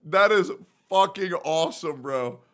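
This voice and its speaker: A male streamer reacting live, excitable and profane, breaking into loud shouts. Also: a little high, a little slow.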